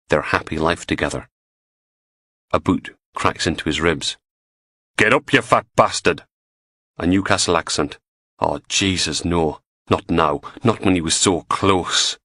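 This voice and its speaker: Deep-voiced man narrating an audiobook. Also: dry recording. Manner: steady, measured reading. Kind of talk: scripted narration.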